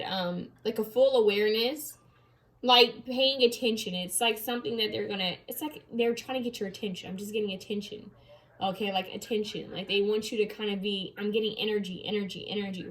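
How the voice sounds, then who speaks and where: A young woman giving a casual tarot card reading, chatty, repeating key phrases and reading card text aloud slowly. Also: medium pitch, a bit bright.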